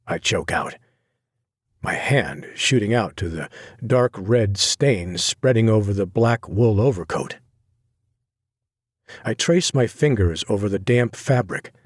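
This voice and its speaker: A man narrating a dark romance audiobook in the first person, intense and grave. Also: on the low side, slightly rough, dry recording, clean studio sound.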